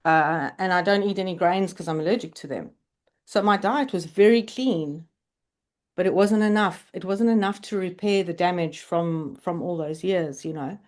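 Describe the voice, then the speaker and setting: A woman's voice: on the low side, normal speed, darkish tone. A woman in her forties, a podcast guest telling her personal story in conversation, candid and earnest. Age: 40s.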